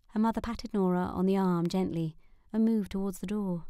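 A woman narrating an audiobook in a measured, even manner. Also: medium pitch, smooth, dry recording. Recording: dry close studio sound.

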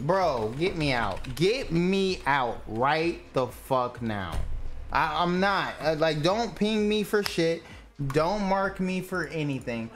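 A man's voice: a little high, animated, unhurried. A young man streaming a game live, ranting at his teammates in an irritated, profane way. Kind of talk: live gameplay commentary.

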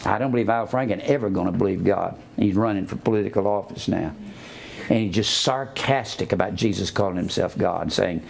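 A man preaching a sermon, spelling out words letter by letter and swinging between low asides and raised emphatic preaching. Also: fairly quick, vocal fry.

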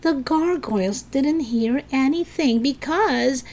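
A woman's voice: sits high, slow pace, voice pushed up. A woman doing a scoffing stubborn schoolboy. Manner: loud, mocking. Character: boastful skeptical schoolboy, stubborn.

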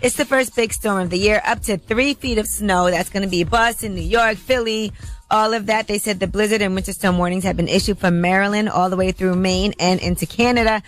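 Steady woman radio co-host. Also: medium pitch, brisk. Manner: steady, practical, laughs easily. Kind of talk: morning radio news and advice segment.

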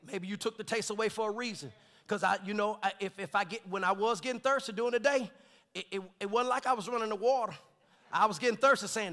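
A man preaching a sermon as pastor of his church, with folksy jokes and laughter, swelling into shouted scripture with call-and-response. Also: very high voice, brisk. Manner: folksy, joking asides with laughter. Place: church sanctuary.

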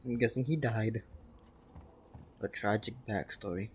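A man's voice: on the low side, expressive, unhurried, a bit bright, slight background noise. Brief: male streamer, casual stream chat, self-deprecating and meandering. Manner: rambling, self-deprecating, joking. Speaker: game streamer.

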